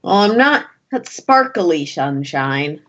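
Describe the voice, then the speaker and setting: A woman's voice: sits low, very animated, slow pace, fairly bright tone, exaggerated voice. A woman voicing a salty, jaded droid. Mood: sarcastic. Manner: blunt and sarcastic. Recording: dull lo-fi sound.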